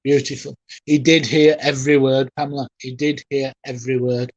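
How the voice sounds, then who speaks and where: During a live reading, a spiritualist medium speaks gently, haltingly and often emotionally, softly reassuring the person he's talking to. His voice is medium in pitch with a level tone. The audio is dull, with no echo.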